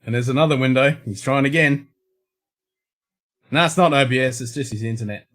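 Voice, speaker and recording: Brief: Australian male host, mid-pitched, laid-back, salty-mouthed livestream banter. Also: brisk, fairly bright tone. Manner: blunt, swears constantly, laid-back. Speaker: show host. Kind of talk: casual livestream chat.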